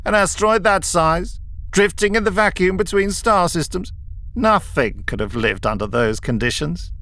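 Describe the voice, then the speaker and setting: A man's voice: high voice, expressive, normal speed, sharp tone, pitched above the performer's own voice, full character voice. A man playing a sneering, lofty scientist. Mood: scornful. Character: arrogant, sneering male scientist.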